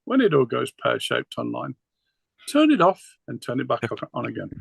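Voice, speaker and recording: Gravelly game master, stammering. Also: male voice, mid-range voice, sing-song, normal speed, slight background noise. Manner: stammering restarts, chatty. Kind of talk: running an online tabletop game.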